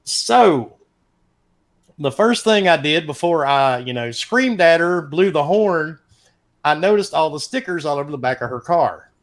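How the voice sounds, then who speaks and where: Guy in his middle years spinning a salty story, kinda high voice, real animated. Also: measured pace. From American South. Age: middle-aged. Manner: animated, profane, chatty anecdote-telling. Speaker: podcast host. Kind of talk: casual storytelling.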